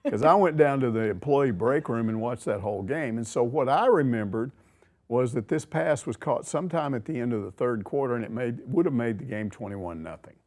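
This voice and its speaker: An older man, hosting a sports talk show and telling a story in an animated way. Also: medium pitch, fairly quick. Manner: animated, acts out quotes with voice shifts. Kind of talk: casual storytelling chat.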